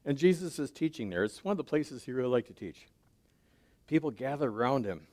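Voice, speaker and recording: A man preaching a sermon in a conversational way, often checking in with his listeners and dropping to a soft, low voice on key points. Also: animated, a little fast. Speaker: pastor.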